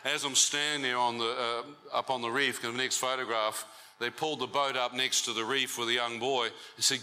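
A man tells his testimony to a church crowd. His voice is strikingly bright and cutting, and he tells the story in a lively way, teasing the audience as he goes. A faint hum sits under the live recording. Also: medium pitch, fairly quick, low-quality recording. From New Zealand. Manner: animated storytelling with crowd banter. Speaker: speaker giving a testimony.

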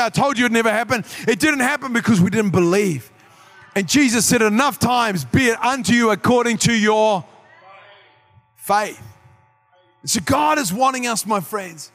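High, bright-voiced preaching man. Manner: preaching with shouted peaks and acted asides. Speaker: pastor. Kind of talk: sermon.

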